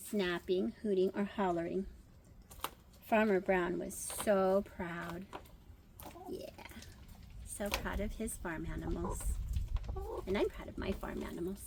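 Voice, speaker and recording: An older woman reading a picture book aloud to children, chatty and pausing to comment and wonder aloud between pages. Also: medium pitch, a little mellow, a little hiss or hum.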